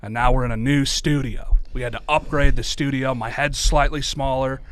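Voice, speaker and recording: A man from Southern California co-hosting a comedy podcast with mock-serious, deadpan banter. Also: medium pitch, moderate pace. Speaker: podcast co-host.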